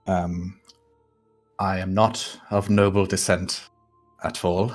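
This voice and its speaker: A man voicing a male con artist who drops a posh act for an Irish accent, slow and halting. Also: sits low, little pitch movement, faint music behind. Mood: confessional.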